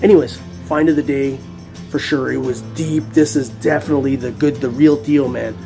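A man's voice: medium pitch, fairly even intonation, moderate pace, vocal fry, over music. A middle-aged man vlogging his metal detecting finds in a chatty, upbeat way, laughing often. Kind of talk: casual vlog talk to camera.

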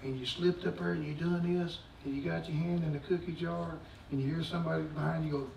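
Male pastor, middle-aged, high and gravelly, preaching in a roomy sanctuary, mic at a distance. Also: steady tone, quick pace, few pauses. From United States. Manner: swings from shouting to hushed, folksy preaching. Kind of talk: sermon. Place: church sanctuary. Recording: echoey church recorded from afar.

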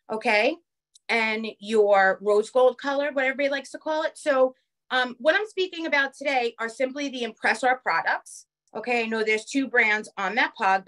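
A woman with a New York accent teaching a live online craft class over a phone camera, chatty and quick, checking in with the viewers often. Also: on the high side, fairly bright tone. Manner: fast-talking, chatty, keeps checking in with "okay?". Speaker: craft instructor.

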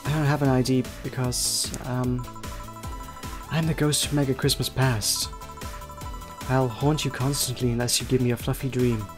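A man voicing a hesitant female ghost customer in a video game, speaking softly and haltingly in a whispered role-play. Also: mid-range voice, flat delivery, over music, voice pushed down, close to an everyday voice. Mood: wispy. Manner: soft, faltering, quiet.

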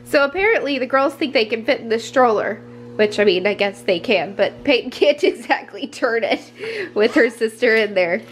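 A woman's voice: a little high, expressive, normal speed. A young woman chatting casually to her camera at home, rambling with lots of fillers. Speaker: vlogger mom. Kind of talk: casual family vlog.

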